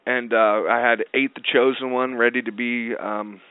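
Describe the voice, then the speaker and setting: A man's voice: mid-range voice, little pitch movement, normal speed, clean tone, no echo. A man telling a story as a guest in a casual interview, blunt and profane, rambling with lots of fillers. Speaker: guest film producer. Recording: tinny dry phone line.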